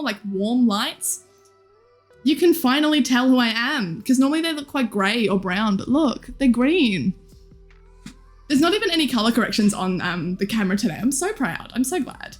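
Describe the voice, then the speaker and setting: A young woman in her twenties, live streaming and chatting casually with viewers in a bubbly, giggly, teasing way. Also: high-pitched. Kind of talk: casual chat reading viewer comments.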